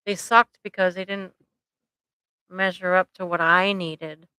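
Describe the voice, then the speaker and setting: A woman therapist talks casually to her viewers on a live stream, tossing in "like" and "right?" as she goes. Her voice is bright and smooth. It is recorded dry and close on a computer microphone. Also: on the low side, fairly even intonation, unhurried, no room sound, rough recording. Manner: chatty, conversational, frequent "like" and "right?" tags; directly addresses viewers.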